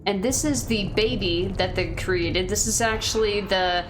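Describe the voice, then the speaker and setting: A woman's voice: medium pitch, unhurried. Woman game streamer, casual commentary, chatty, laughs along, faint noise behind.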